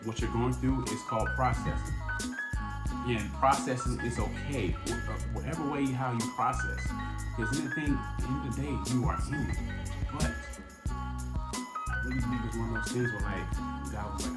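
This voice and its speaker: A man's voice: fairly low pitch, fairly even intonation, moderate pace. A man giving an earnest, conversational faith talk, repeating phrases for emphasis. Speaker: faith vlogger. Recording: echoey room with background music.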